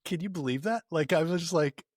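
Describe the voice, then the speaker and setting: A man's voice: fairly high pitch, fairly quick, no echo, clean studio sound. A man co-hosting a podcast, casually telling a story with lots of fillers and restarts. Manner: storytelling, animated retelling with frequent fillers and restarts. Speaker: podcast co-host. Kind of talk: casual chat.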